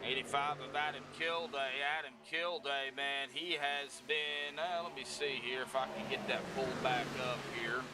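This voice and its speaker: A man's voice: medium pitch, fairly even intonation, normal speed, hardly any pauses, background noise. A man giving casual, folksy sim racing commentary. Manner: casual, folksy, breaks into laughter. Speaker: race commentator.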